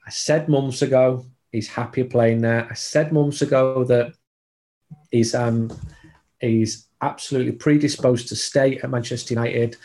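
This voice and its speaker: A man's voice: medium pitch, fairly even intonation, unhurried, dark tone. A man, a football journalist chatting casually on a podcast, digressive and prone to restarts.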